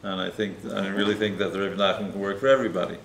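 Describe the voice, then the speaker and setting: A man's voice: deep voice, flat delivery, racing, vocal fry. A man, a rabbi, preaching and telling a story in a conversational way, often ending points with a tag question. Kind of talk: sermon with storytelling. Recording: roomy echo, faint noise.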